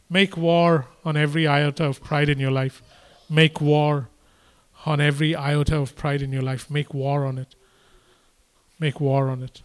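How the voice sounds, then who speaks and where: A man preaching a sermon, repeating his points and building to impassioned, emphatic exhortation. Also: fairly high pitch.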